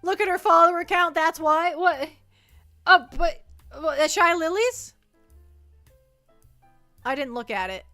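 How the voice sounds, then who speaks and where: A woman VTuber chatting on a livestream in a very high, bright voice. She is excitable and giggly and trips over her words, with soft music playing behind her. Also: measured pace, pauses often. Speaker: VTuber streamer. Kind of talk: casual livestream chat.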